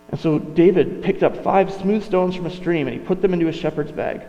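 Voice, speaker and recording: A male pastor with a somewhat high voice preaches a sermon conversationally and a little fast, frequently correcting himself and drifting into asides. The recording sounds dull, with long reverb and a mains hum.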